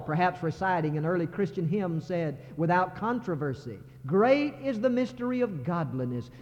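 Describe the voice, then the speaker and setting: Pastor guy preaching, high voice, muffled old tape in a big echoey church. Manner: preacherly, building to impassioned crescendos. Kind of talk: sermon. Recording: muffled sermon recording in a reverberant sanctuary.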